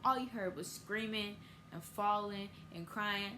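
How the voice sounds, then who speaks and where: Teen girl, casual vlog storyteller, jumps high for quotes, faint background noise. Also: a little slow. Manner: casual storytelling, acts out quoted voices with big pitch jumps. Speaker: vlogger.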